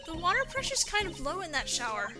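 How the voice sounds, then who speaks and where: A woman voicing a bubbly, excitable teenage girl who trains as a spirit medium, reading game dialogue aloud. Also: very high-pitched, fast talker, pitched above the performer's own voice. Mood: eager. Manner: excitable and chirpy. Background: game music.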